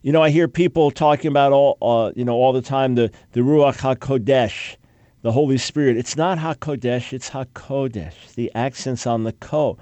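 With a mid-range, dark, steady voice and no room sound, this man, a Bible scholar with a PhD in Semitic languages, gives a lecture-style talk on shifts in Hebrew names and words. He's emphatic and ridicules opposing claims through quick, mocking quoted objections.

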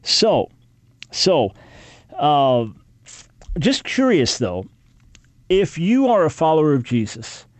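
A man's voice: a little high, very animated, slow pace, long pauses, dry recording. A man hosting a talk radio show, teaching in an emphatic, preacherly way and repeating key phrases for weight.

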